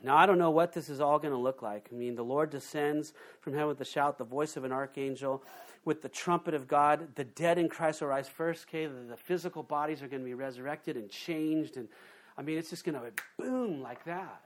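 Male pastor delivering a lively sermon, slightly higher voice, punches key lines and drops low for asides. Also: brisk. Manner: animated, swings from loud emphasis to quiet asides, acts out quoted voices.

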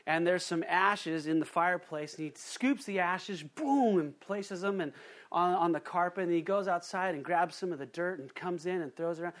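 Pastor preaching, fairly high man's voice. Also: moderate pace, a bit bright. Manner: conversational preaching with asides and acted quotes. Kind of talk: sermon.

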